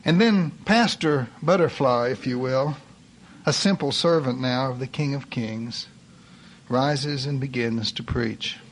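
A man preaching a sermon, telling a story with passion, swinging from loud cries to hushed lines. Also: mid-range voice, unhurried, a little hiss or hum.

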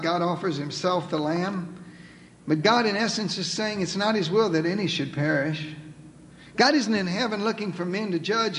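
A male pastor preaching a sermon, reading scripture with emphasis and dropping to a soft, pleading tone at times. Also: high voice. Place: church sanctuary. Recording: reverberant church hall.

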